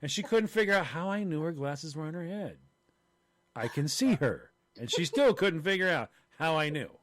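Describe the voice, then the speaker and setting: A man's voice: a little high, normal speed, no room sound. An older man co-hosting a casual podcast over a video call, telling funny stories and acting out the voices of the people in them. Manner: animated, acts out quoted voices in stories. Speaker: podcast co-host.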